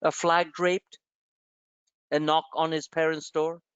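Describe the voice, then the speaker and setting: Speaking slowly, with a clear, resonant, fairly bright tone that sits on the high side and barely moves in pitch, a man runs a live stock-trading webinar. He rants in an emotional, blunt, impassioned motivational style, swearing now and then, over dull, dry, lo-fi webinar audio.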